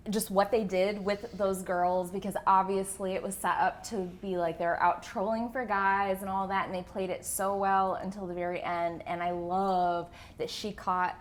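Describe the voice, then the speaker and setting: A woman's voice: mid-range voice, little pitch movement, normal speed, hardly any pauses. Chatty enthusiastic woman podcaster. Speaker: podcast co-host. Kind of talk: casual film discussion.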